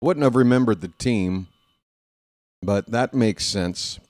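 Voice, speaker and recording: A man's voice: fairly low pitch, slow pace, darkish tone, dry recording. A middle-aged man hosting a live baseball commentary stream, talking in a folksy, dry, downbeat way. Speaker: play-by-play host.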